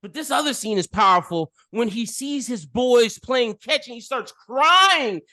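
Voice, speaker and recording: A woman co-hosting a casual film review podcast, animated and ranting with rapid opinions. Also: fairly high pitch, no room sound. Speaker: podcast co-host.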